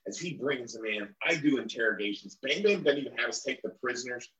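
A man's voice: medium pitch, lively intonation, fast, a bit bright, reverberant, poor audio. Man telling a war story with quoted dialogue. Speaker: interview guest, former interrogator. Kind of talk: storytelling in an interview.

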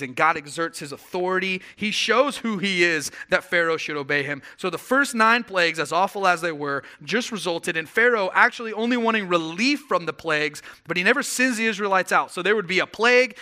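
A young man preaching a sermon as pastor, retelling the story with animated voices for the characters. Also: a little high, smooth.

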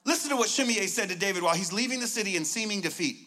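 High, bright, fired-up male preacher. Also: rapid-fire. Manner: excitable, joking, shouts for emphasis. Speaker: guest preacher. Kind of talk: sermon.

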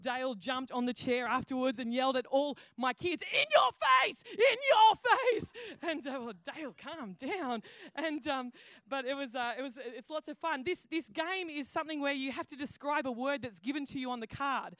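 A woman pastor tells a story from the pulpit in a loose, chatty way, stopping and restarting her sentences. Her voice sits high, and the sound is dry and close. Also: moderate pace, a bit bright, dry recording. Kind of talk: sermon. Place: church auditorium.

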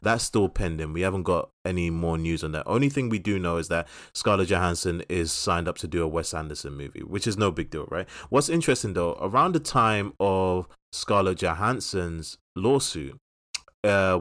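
A man's voice: sits low, fairly bright tone, no room sound, studio quality. A man co-hosting a podcast in casual chat, opinionated and wry, steering the talk to the next topic. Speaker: podcast co-host.

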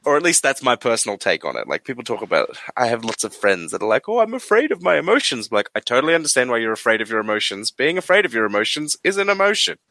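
A man, chatting casually as a game designer, animated and quick with jokes. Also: medium pitch, no room sound. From Australia. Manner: animated, swearing, quick asides and laughter. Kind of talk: casual podcast chat.

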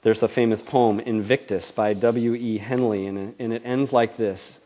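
A man's voice: fairly low pitch, fairly even intonation, moderate pace, few pauses, warm tone. Conversational male preacher. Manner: conversational, questioning, acts out quoted voices. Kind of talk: sermon.

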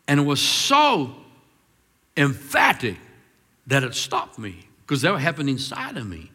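Preaching from the pulpit, a man shifts between drawn-out, forceful declarations and hushed, confiding anecdotes. His voice is medium in pitch with huge swings, and the room leaves a long reverb tail.

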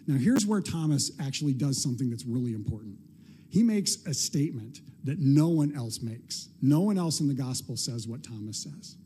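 A man's voice: mid-range voice, animated, normal speed, warm tone, breathy edge. A male pastor preaching a sermon in a casual, conversational way, now and then acting out short quoted lines with a playful touch.

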